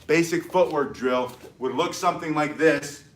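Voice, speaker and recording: A man's voice: on the high side, normal speed. A man teaching self-defense, explaining and demonstrating moves with energy, sometimes moving away from the mic. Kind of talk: demonstration tutorial.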